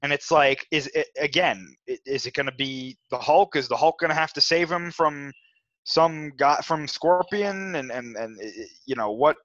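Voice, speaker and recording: Stammering man with a bright voice. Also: on the high side, moderate pace, no room sound. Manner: hesitant, stammers and repeats words. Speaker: co-host. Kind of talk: casual movie chat. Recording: dry, dull lo-fi recording.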